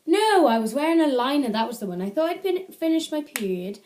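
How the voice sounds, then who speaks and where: A woman's voice: sits high, sing-song, brisk, darkish tone. A teenage girl from the UK chatting casually into an iPad camera at home, rambling and correcting herself as she gives advice. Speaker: vlogger.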